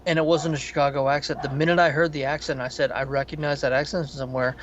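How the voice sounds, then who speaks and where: A man's voice: on the high side, quick pace, dull audio, slight background noise. A man co-hosting a podcast, chatting casually and profanely about a film in a rambling way. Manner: rambling, profane, animated storytelling. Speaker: podcast co-host. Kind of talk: casual film review chat.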